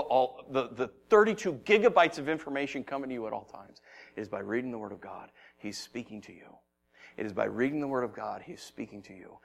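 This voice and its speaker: A man preaching a sermon as pastor, telling stories with lots of energy and acting out shouted voices, then dropping to a soft, low tone for the message and prayer. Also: creaky.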